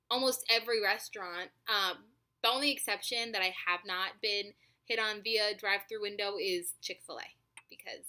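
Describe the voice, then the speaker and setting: A woman in her twenties telling a story to camera in a chatty, animated way, swearing freely and filling her talk with likes and ums. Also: medium pitch, slight background noise. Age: 20s. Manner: animated, profane, chatty with many fillers. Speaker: vlogger.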